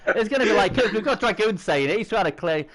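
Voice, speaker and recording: Lively chatty man in his forties. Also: high-pitched, quick pace. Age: 40s. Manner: rambling and chatty, with bantering asides. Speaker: stream host. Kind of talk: casual chat.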